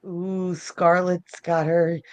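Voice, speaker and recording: A woman co-hosting a casual live-stream chat, teasing with drawn-out exclamations. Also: lowish voice, level tone, smooth. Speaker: co-host.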